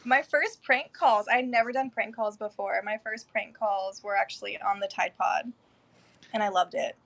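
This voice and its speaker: A woman's voice: mid-range voice, steady tone, moderate pace, creaky, a bit bright. A woman guest in a casual interview who chats freely, laughs often and swears now and then.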